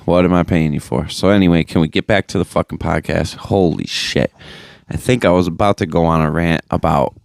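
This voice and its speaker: A young man rants his way through a solo podcast, swearing constantly and stacking up fillers. His low voice comes across smooth and resonant. The phone mic gives it a dry, close sound with no room in it. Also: steady tone, brisk, darkish tone, no echo. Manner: profane, rambling, lots of fillers; mocking high-pitched impressions of others. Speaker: podcast host. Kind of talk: casual solo podcast rant.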